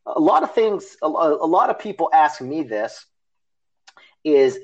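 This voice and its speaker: A man hosting a casual interview, friendly and quick to laugh. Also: a little high, sing-song, rough recording.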